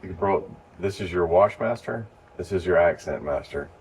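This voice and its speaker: Deep-voiced man teaching from across the room. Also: normal speed. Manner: relaxed, explains step by step. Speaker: lighting instructor. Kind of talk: casual hands-on training. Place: church. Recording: distant mic with faint noise.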